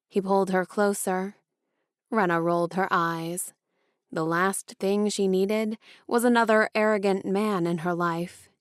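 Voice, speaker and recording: A woman narrating an audiobook in a measured storytelling style. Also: fairly low pitch, fairly even intonation, no room sound, clean studio sound.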